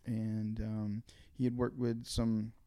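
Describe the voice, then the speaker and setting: A man being interviewed as a songwriter guest, soft-spoken and hesitant, often repeating his words. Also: lowish voice, monotone, slow pace, smooth. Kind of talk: casual interview chat.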